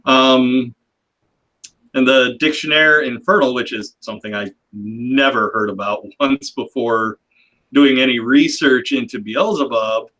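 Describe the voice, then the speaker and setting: A man's voice: mid-range voice, steady tone, unhurried, bright, forceful tone, low-quality recording. A man hosting a livestream panel in casual chat, talking loosely and rambling with a self-deprecating humor. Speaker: livestream host.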